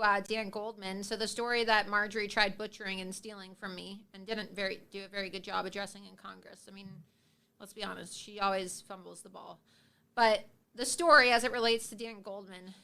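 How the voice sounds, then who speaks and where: A woman's voice: mid-range voice, pushed and bright, clean tone. A woman hosting a livestream of political commentary, speaking in a combative, sarcastic and scornful way. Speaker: host.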